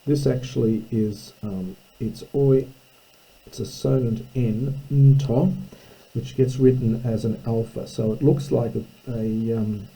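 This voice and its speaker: A man teaching a slow, unscripted lesson, reading a text line by line and explaining its grammar, thinking aloud with frequent ums and self-corrections. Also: mid-range voice, steady tone, mellow, rough recording.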